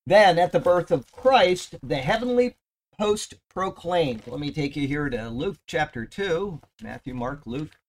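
A man's voice: fairly high pitch, lively intonation, unhurried. A man preaching a conversational Bible study sermon, reading scripture aloud with emphatic rises and joking with his listeners between verses. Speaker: pastor.

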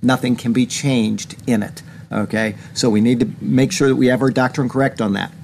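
A man's voice: fairly even intonation, moderate pace, vocal fry, a little mellow. Earnest man preaching, faint noise. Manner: earnest, rising in pitch when indignant. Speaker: pastor. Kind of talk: sermon commentary reading news. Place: small church. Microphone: camera.

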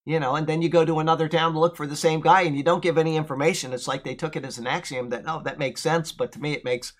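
A man teaching verse by verse through a letter of scripture. He reads the verses with emphasis, then drifts into relaxed, musing asides. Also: on the high side, racing. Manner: earnest, emphatic when quoting scripture, loose asides. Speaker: Bible teacher. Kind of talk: verse-by-verse Bible commentary.

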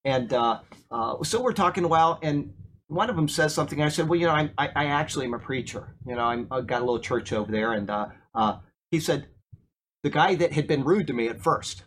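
A pastor speaks a little fast in a slightly high voice, with slight background noise, during an informal sermon. He tells a story, asks the room questions, and repeats words in his excitement.

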